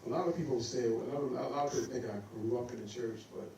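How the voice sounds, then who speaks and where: A man, a guest saxophonist, telling stories in a lively way on stage, laughing and acting out the voices of people he quotes. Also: mid-range voice, quick pace, a little hiss or hum. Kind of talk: casual storytelling on stage. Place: recital hall on stage. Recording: echoey recital hall, mic from a distance.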